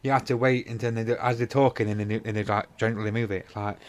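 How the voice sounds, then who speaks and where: A man's voice: fairly low pitch, fairly even intonation, fast talker. A man co-hosting a podcast, telling rambling stories full of swearing and acted-out dialogue. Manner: rambling anecdotes, heavy swearing, acts out dialogue. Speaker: podcast co-host. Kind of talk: casual chat.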